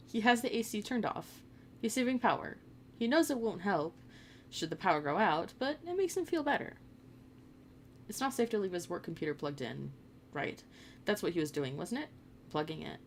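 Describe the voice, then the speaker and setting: A woman's voice: mid-range voice, sing-song, normal speed, slight background noise. A woman casually reading fan fiction aloud and chatting between passages, laughing often. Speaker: fanfic reader.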